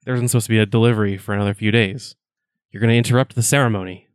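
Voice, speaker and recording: A man voicing a tall, eerie skeleton that tends a circle of giant pumpkins, speaking in a calm, menacing way. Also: lowish voice, rapid-fire, clear, resonant tone, no room sound, studio quality, close to an everyday voice. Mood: cold, dismissive.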